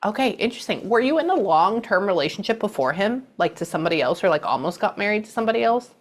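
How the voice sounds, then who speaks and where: A middle-aged woman with a mid-range, sing-song voice talks fast while giving a psychic reading. Chatty throughout, she relays the messages she passes on by acting them out in quoted voices.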